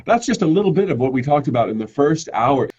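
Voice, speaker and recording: A man speaks to his webcam in a live motivational lesson, his husky voice swinging between emphatic bursts and slow, drawn-out words. The stream audio is slightly dull and lo-fi. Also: mid-range voice, sing-song, a little mellow. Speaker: online course teacher.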